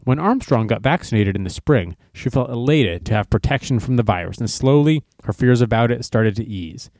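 A man's voice: mid-range voice, expressive, a little fast, darkish tone, no echo, studio quality. A man hosting his own news commentary show, reading articles aloud and sarcastically mocking them in put-on voices.

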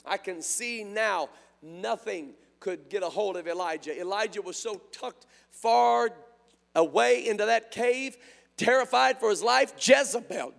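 A man preaching an impassioned sermon, swinging between hushed tones and shouts, his voice strained. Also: high voice, gravelly. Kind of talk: revival sermon. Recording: reverberant hall sound.

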